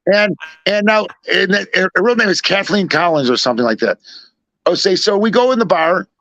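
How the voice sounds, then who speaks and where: A man from Chicago spins a meandering story in a fairly high voice, full of asides. The recording is dull and lo-fi, with a dry, close sound. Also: fairly quick, no echo. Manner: rambling, animated retelling with many asides. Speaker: storyteller guest. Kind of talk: casual anecdote telling.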